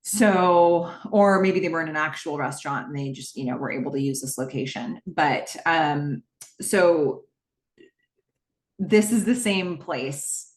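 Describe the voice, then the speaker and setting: Lower-voiced woman in an echoey room. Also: measured pace. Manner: walks through scenes in present tense, with frequent "um"s. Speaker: podcast host. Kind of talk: casual episode recap.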